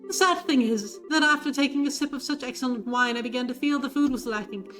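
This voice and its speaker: A woman's voice: sits high, fast, natural voice. A woman voicing a flamboyant, vain young man who tells his story with grand theatrical flourishes, reading game dialogue over game music. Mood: grandiose.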